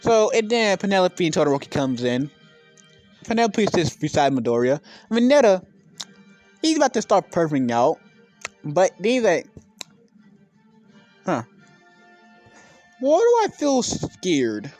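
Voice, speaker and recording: A man rambling through an improvised fan story in a rather high voice that leaps around a lot. He slips into slang and curses, stops to correct himself mid-sentence, and keeps going. Faint music sits behind him. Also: sing-song, normal speed, darkish tone. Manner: rambling, restarts and self-corrections, slangy and swearing. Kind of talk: casual fan story told off the cuff.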